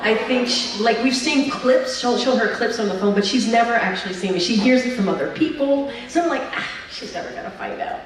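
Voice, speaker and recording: A woman speaking as the featured guest at an event, telling stories in a lively, chatty way. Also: on the high side, a little fast, hardly any pauses, crowd noise. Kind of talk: speech and onstage Q&A. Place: large event hall at a brunch. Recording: echoey hall, mic picked up from a distance.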